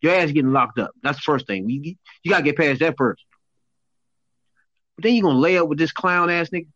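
A man's voice: on the high side, a little fast, no room sound, muffled recording. A man co-hosting a casual chat, riffing in street slang and laughing in disbelief. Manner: animated, laughing, incredulous outbursts in slang.

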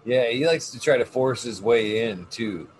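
A man's voice: medium pitch, normal speed, slight background noise. A man chatting casually, telling a rambling, profane story and acting out what he said. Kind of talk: casual chat. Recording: music playing behind.

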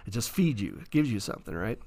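Animated man telling a story. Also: fairly low pitch, fast talker. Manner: animated, acts out quoted dialogue. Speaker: author and guest. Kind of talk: casual interview storytelling. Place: studio.

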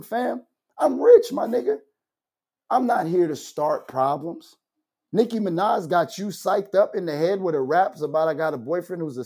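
Husky-voiced man ranting profanely. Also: high voice. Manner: loud, animated, laughing, swearing, mocking asides. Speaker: commentary show host. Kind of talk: profane casual rant.

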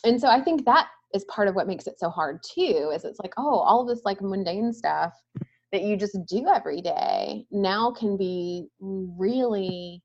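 A woman's voice: mid-range voice, lively intonation, a little slow, darkish tone, muffled recording. A woman in her thirties talking as a guest in a casual conversation, thoughtful and often ending points with a questioning "right?".

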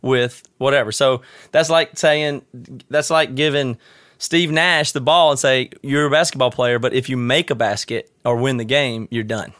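A man's voice: mid-range voice, steady tone, normal speed, a bit bright, no room sound, studio quality. A man co-hosting a podcast who argues his point in casual chat, building it up with sports comparisons. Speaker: podcast co-host.

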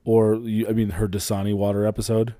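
A man with a very low, mellow voice co-hosting a casual chat. He teases his partner in a dry, laid-back way. The recording is close and dry. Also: flat delivery, a little fast, dry recording. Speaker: podcast co-host.

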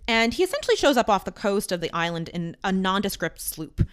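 Woman podcast host telling history stories, chatty, lively up and down voice. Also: medium pitch, fairly quick, clean tone. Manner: chatty, with frequent "um" and asides. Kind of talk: casual history storytelling.

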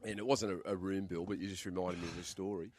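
An Australian man co-hosting a casual radio chat, telling a prank story with animated laughter. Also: low voice, quick pace, no room sound.

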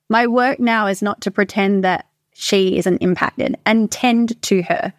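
A woman's voice: on the high side, normal speed, dry recording, studio quality. A woman in her thirties, a coach, talking casually and candidly with frequent swearing, in a motivational monologue. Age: 30s.

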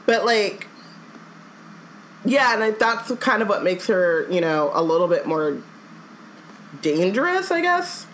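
A woman's voice: mid-range voice, big pitch swings, measured pace, long pauses, a bit bright, slight background noise, rough recording. A woman co-hosting a casual podcast, talking in rambling sentences full of "like" and restarts. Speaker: podcast co-host. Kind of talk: casual chat.

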